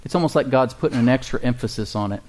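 A man preaching at a middle pitch, delivering a sermon with call-and-response. He slows down to read scripture aloud and asks his listeners questions. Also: darkish tone. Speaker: pastor.

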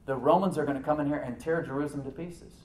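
A man preaching a sermon as pastor, animated, with rhetorical questions and soft asides to the congregation. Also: on the high side, quick pace, echoey room, distant mic, poor audio. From United States.

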